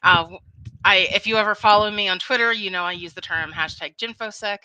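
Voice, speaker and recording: A woman with a Philadelphia accent chatting as an interview guest, upbeat and quick to laugh. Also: medium pitch, sharp tone, no echo, low-quality recording. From Philadelphia, United States. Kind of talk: casual interview chat.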